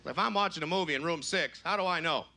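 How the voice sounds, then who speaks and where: A man doing a brash stand-up comedy set on a club stage, shouting high-pitched voices for his punchlines. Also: fast. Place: comedy club stage before a live audience.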